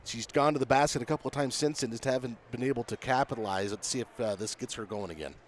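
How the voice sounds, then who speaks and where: A man's voice: mid-range voice, quick pace, a little hiss or hum. A man giving color commentary on a basketball game, chatting with his partner in a conversational, coach-like way. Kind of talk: relaxed game analysis.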